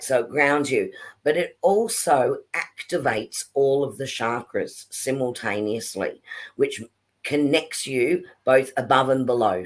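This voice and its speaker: A man hosts a spiritual teaching session on a live stream, taking his time as he explains things step by step. He pauses often with fillers, and the sound comes through a home video call connection. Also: medium pitch. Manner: slow, explanatory, with frequent fillers. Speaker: spiritual workshop host.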